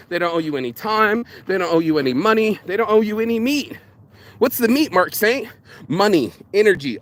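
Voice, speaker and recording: A man ranting casually to camera, profane and animated, swinging between loud mocking quotes and low, intense asides. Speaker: vlogger.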